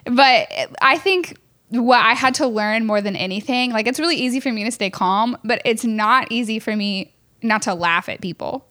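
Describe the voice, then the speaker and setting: Woman, gym owner, relaxed conversational storyteller, a little high-pitched, lots of "like". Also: normal speed. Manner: chatty, fills speech with "like"; laughs while telling stories.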